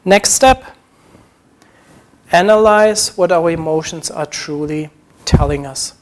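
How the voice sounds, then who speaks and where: A man's voice: on the high side, slow. A man preaching a sermon, earnest, acting out short quoted prayers as he teaches.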